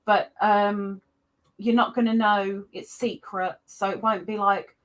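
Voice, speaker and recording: A woman hosting a casual livestream chat, greeting viewers by name with excited jumps in her voice. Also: mid-range voice, measured pace. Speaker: livestream host.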